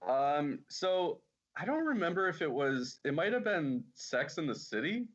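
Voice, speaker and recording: A man's voice: on the high side, very animated, a little slow, lo-fi sound. A man talking casually on a podcast, rambling and filling his talk with "like.". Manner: laid-back, rambling with many "like"s. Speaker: podcast guest. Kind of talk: casual chat.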